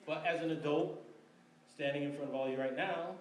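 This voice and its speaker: A man's voice: fairly high pitch, fairly quick, slight background noise. A man in his forties from Michigan telling a wry personal story to a live audience, laughing between lines. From Michigan, USA. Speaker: storyteller on stage. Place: library event room before an audience. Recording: roomy live recording from a distance.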